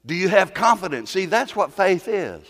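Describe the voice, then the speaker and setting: A man's voice: high voice, big pitch swings, moderate pace, fairly bright tone, in a large hall. A man preaching a sermon as pastor, talking in a folksy way, with rhetorical questions and stumbling repeats.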